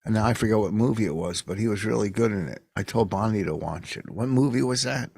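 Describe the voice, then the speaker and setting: An older man with a gravelly, creaky voice chats on a comedy podcast. He rambles and stalls, fumbling for words. The recording is close and dry. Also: on the low side, a little mellow, no echo. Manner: rambling, halting, searches for words. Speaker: podcast co-host. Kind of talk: casual comedic banter.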